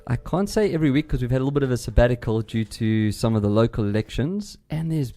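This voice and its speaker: A man with a South African accent hosting a radio tech show, chatting loudly and rambling with frequent restarts in a studio. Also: medium pitch, animated, fast. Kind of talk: casual radio chat.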